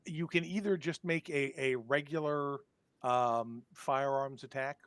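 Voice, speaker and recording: A man narrating as game master for a tabletop horror game, halting often with ums and restarts. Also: medium pitch, fairly bright tone, no echo.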